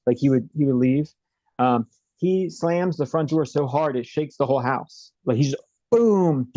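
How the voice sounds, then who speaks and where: Middle-aged guy rambling through a story, warm dark voice, dry dull sound. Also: mid-range voice, normal speed, no room sound. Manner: rambling, repeats himself, many fillers. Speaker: interview guest. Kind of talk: casual storytelling.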